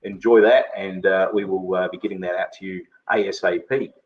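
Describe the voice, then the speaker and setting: A low-pitched man hosts a casual webinar, wandering through his sentences with plenty of "uh" and "um". The sound is dull and lo-fi, like a muffled online stream. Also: fairly even intonation, a little fast, slight background noise. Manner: rambling, many filler words. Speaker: host.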